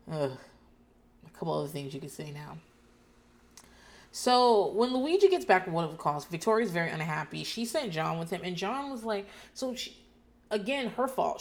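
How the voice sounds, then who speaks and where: A woman's voice: on the low side, creaky. Sardonic, foul-mouthed woman recapping TV. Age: adult parent. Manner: sardonic, profane, laughs often. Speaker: podcast host. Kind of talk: casual reality TV recap.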